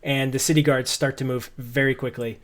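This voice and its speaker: A man narrating a tabletop game as game master over a video call, telling the story in an animated way and often repeating words. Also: medium pitch, brisk.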